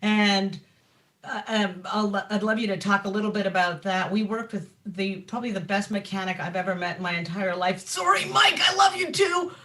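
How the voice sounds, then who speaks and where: A woman guest on a talk show chatting casually about her bikes, animated and swearing freely, laughing often. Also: medium pitch, moderate pace. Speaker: guest, map company founder. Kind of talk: casual chat.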